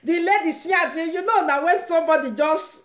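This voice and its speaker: A woman with a Nigerian accent casually retelling a story on her vlog, animated and dramatic. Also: very high-pitched, fairly quick. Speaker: vlogger. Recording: roomy, slightly dull recording.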